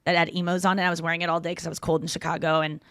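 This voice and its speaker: A woman's voice: fairly low pitch, rapid-fire, clean tone, no room sound, studio quality. Chatty woman podcast host. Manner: animated storytelling, acts out quoted lines. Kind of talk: casual chat.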